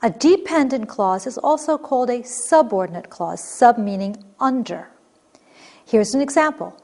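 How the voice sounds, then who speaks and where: A woman teaching a recorded grammar lesson, reading example sentences clearly and expressively, then explaining them. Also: on the high side.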